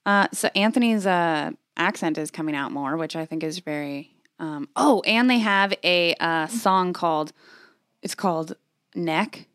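A woman's voice: lowish voice, measured pace, fairly bright tone, clear, resonant tone, no room sound, clean studio sound. A young woman co-hosting a podcast, telling stories in casual chat with fillers and lots of swearing. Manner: swears a lot, storytelling with fillers. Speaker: podcast co-host.

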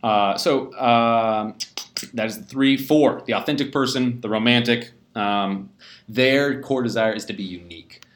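A man's voice: mid-range voice, a little slow, a bit bright. A young adult man from the United States, explaining personality types in a rambling, self-deprecating way with many fillers and restarts. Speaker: host of a live personality talk. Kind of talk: casual explanatory talk. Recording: roomy echo.

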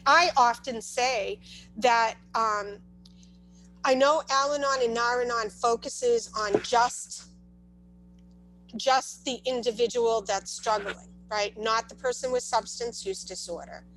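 A woman's voice: a little high, steady tone, slow pace, a bit bright, rough recording. A woman telling a long personal story as a parent, in casual talk with many restarts and asides. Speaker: parent sharing her experience.

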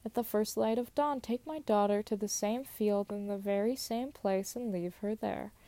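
A woman voicing a cold, scheming older stepmother in a low, hushed tone while reading a folk tale aloud. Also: moderate pace, no room sound, close to an everyday voice.

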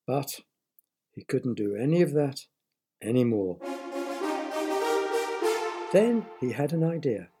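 A man's voice: medium pitch, dark tone, breathy edge. A man reading a children's story aloud, stopping to explain words to young listeners.

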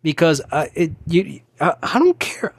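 A man in his thirties with a slightly high voice, talking on his own in a loose, rambling way. He drifts into annoyed rants and keeps restarting his sentences. The sound is close and dry, with no room echo. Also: very animated, measured pace, husky. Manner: rambling, ranting, with many restarts and fillers. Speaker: podcast host. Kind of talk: casual solo chat.

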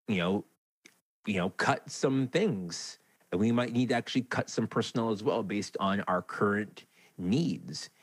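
A man's voice: low voice, no echo. A man hosting a podcast, telling a candid, rambling, self-deprecating story about his life, recorded in his home basement. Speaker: podcast host. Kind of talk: personal storytelling monologue.

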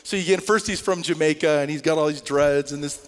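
A man preaching a sermon as pastor, telling a story with lively energy that climbs to near-shouts. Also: on the high side, fairly quick, in a large hall. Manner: animated storytelling, rising to shouts. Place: church sanctuary.

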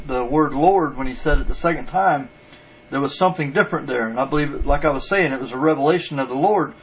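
A man's voice: a little high, lo-fi sound, a little hiss or hum. A man preaching a sermon in an earnest, repetitive way, restarting phrases for emphasis.

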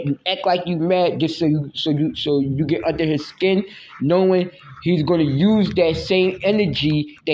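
A man's voice: fairly high pitch, darkish tone, highs cut off, slight background noise. A man hosting a casual solo podcast, rambling and slangy with lots of filler words, often teasing and mock-scolding. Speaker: podcast host.

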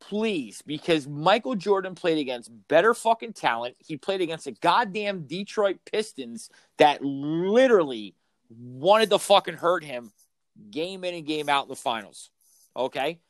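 A man's voice: fairly high pitch, expressive, a little slow, dry recording. A middle-aged man who coaches youth sports, ranting about basketball on a podcast, swearing heavily and hammering every point. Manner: heated, swearing, emphatic ranting. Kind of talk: profane ranting sports chat.

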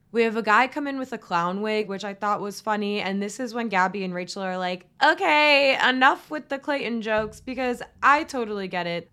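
A woman's voice: mid-range voice, a bit bright. Chatty sarcastic young woman podcaster. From Florida. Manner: chatty, sarcastic, valley-girl fillers. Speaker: podcast host. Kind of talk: solo recap podcast, casual chat.

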